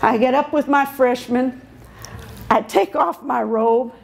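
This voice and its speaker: An older woman giving a comic motivational speech on stage, telling stories with lively acted-out voices. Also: sits high, unhurried, vocal fry. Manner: animated storytelling, acts out voices. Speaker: motivational speaker.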